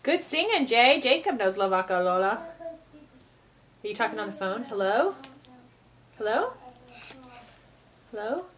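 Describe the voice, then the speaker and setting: A woman's voice: fairly high pitch, expressive, normal speed, long pauses, fairly bright tone. A mother talking in playful, coaxing baby talk with her toddler, often laughing. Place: family home.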